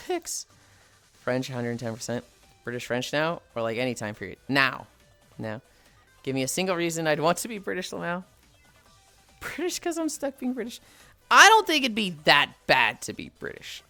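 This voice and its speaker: A streamer talking straight to chat in a loose, profane, opinionated way, the pitch leaping all over the place. The voice is bright and forward and sits dry and close to the mic, with faint music playing underneath. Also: no echo. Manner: swears freely, reads and answers chat; opinionated, playful ranting. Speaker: livestreamer chatting with viewers.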